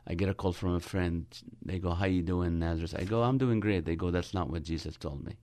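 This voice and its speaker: A man's voice: deep voice, brisk. A man, a Christian comedian on a radio talk show, telling stories with humor and acting out the dialogue. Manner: animated storyteller, acting out dialogue. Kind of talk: storytelling with humor in a radio interview.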